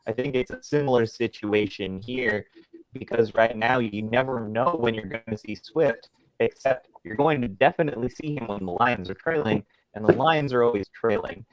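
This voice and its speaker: A man's voice: medium pitch, normal speed. A man co-hosting a casual fantasy football podcast over a remote call, giving confident, opinionated takes. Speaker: podcast co-host.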